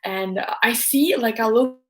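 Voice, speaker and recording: Young woman from Ukraine, live-stream host, slightly high voice, rambling storyteller. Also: a little slow, fairly bright tone. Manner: chatty storytelling, many fillers. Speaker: livestream host. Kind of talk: casual live-stream chat. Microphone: home livestream setup.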